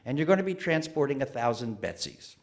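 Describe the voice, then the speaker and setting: Man doing a no-fuss dispatcher, matter-of-fact, instructing, mid pitch. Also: very animated, fairly quick, darkish tone. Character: plain middle-aged male dispatcher, matter-of-fact.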